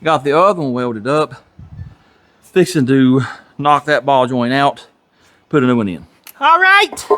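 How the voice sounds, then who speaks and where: A man's voice: mid-range voice, big pitch swings, unhurried, pauses often, bright, forceful tone. A man with a Southern US accent, hosting a casual garage vlog in a folksy, chuckling, self-deprecating way. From Tennessee, USA. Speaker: garage channel host. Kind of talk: casual workshop vlog talk. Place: home garage workshop.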